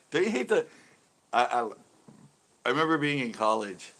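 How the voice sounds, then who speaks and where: On a relaxed live stream, a man who hosts a fishing channel rambles through stories, laughs a lot, and reacts to viewer chat he reads aloud. His medium-pitched voice sounds a bit bright.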